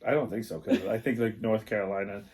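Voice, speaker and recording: A man's voice: on the low side, fairly even intonation, fast talker, darkish tone. A man co-hosting a casual comedy podcast, joking and laughing as he reads out strange place names. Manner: jokey, laughs often, reads place names with crude puns. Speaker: podcast co-host.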